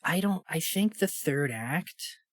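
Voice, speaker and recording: A man's voice: on the high side, expressive, slow pace, a bit bright, dry recording, studio quality. A man co-hosting a podcast, chatting casually and sarcastically about a movie. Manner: sarcastic, mocks characters in put-on voices. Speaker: podcast co-host. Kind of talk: casual chat.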